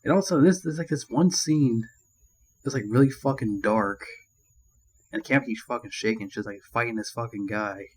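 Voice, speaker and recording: A man's voice: medium pitch, moderate pace, slightly rough, rough recording. A man giving a casual movie review, rambling and ranting with constant swearing and crude jokes. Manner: crude, profanity-laden rambling; annoyed ranting.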